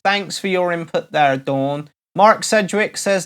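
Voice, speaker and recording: A man's voice: sits high, a little slow, hardly any pauses, clean tone. A middle-aged man from Cornwall, a DJ and vlogger chatting casually and jokingly to his followers, full of playful asides. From Cornwall, England. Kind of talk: casual comedic vlog chat.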